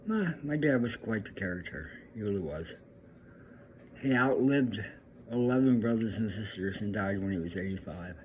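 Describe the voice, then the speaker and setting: An older professional musician from California tells a rambling, fond personal story, acting out the lines of the people in it. His voice is fairly low and a little mellow, expressive and at a normal speed, with slight background noise.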